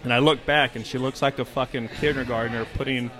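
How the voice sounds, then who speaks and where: A man in his forties tells a story with energy and plenty of swearing, and he acts out the lines he quotes. His voice sits at a middle pitch. Other people talk in the background throughout. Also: brisk, crowd noise. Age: 40s. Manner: animated, profane storytelling with acted quotes. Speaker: guest storyteller. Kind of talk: casual podcast chat.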